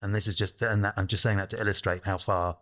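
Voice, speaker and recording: A man's voice: on the low side, flat delivery, fast talker, a bit bright. A man co-hosting a casual podcast, often restarting his sentences as he works out his point. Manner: hesitant, restarts mid-thought. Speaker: podcast co-host.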